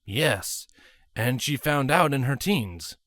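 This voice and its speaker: A man voicing a serious young prince who explains things in a measured, sighing way. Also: medium pitch, lively intonation, a bit bright, dry recording, clean studio sound. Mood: earnest. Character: earnest young male prince, weary and serious.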